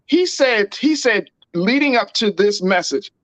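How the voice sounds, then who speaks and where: Animated, slangy male talk show host. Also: high voice, a little slow, dry recording. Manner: animated, emphatic, slangy and repetitive. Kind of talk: casual political talk show chat.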